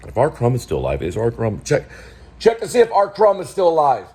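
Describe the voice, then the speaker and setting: A man's voice: mid-range voice, wildly swooping pitch, brisk, darkish tone, a little hiss or hum. A man hosting his own show, talking casually through a film production meeting, thinking aloud in a rambling way with restarts. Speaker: filmmaker and show host.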